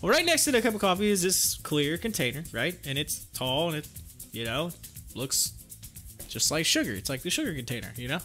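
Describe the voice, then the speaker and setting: A livestream host tells a rambling, laugh-filled story in a high, bright voice. He grows animated at the funny parts, with faint music under him. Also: fairly quick. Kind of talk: casual storytelling.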